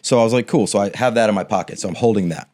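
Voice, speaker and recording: A man's voice: fairly low pitch, racing, a little mellow. A young man co-hosting a podcast, telling a long story in a loose, swearing, chatty way and acting out the quotes. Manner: rambling storyteller, acts out quotes, swears casually. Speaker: podcast co-host. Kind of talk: casual storytelling chat.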